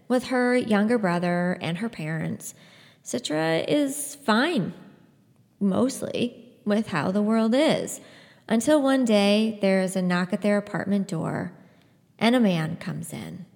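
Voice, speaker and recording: A woman's voice: mid-range voice, darkish tone. A woman hosting a book podcast who tells and reads a story expressively. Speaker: podcast host. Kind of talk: book review and reading aloud. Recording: long hall reverb.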